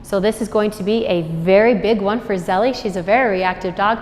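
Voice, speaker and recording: A woman dog trainer giving an instructional demonstration, explaining her steps and praising the puppy in a high, cheerful voice between explanations. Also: fairly quick, a little mellow, in a large hall, a little hiss or hum. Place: store, indoors.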